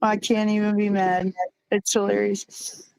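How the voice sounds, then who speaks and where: A woman's voice: medium pitch, little pitch movement, a little slow, gravelly, darkish tone, clean tone, no echo, rough recording. A woman arguing heatedly on a live stream panel, defensive and profane, often stumbling over her words.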